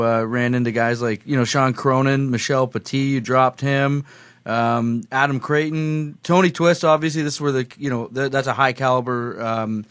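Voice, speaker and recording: A man's voice: mid-range voice, a bit bright, no echo. A man hosting a casual podcast and eagerly asking a guest about his old fights. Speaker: podcast host.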